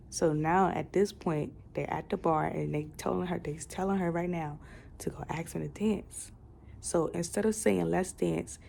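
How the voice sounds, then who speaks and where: Gravelly low-voiced woman chatting. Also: dark tone, slight background noise. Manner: chatty, rambling retelling with fillers and swearing. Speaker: book reviewer. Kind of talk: casual book review chat.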